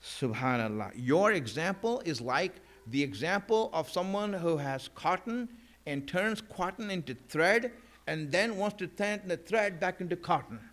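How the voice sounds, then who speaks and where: A man with a somewhat raised pitch gives a sermon in a relaxed, conversational manner. He leans on "you know" fillers and drives home key points by repeating them. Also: unhurried. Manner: emphatic repetition of key lines. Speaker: preacher.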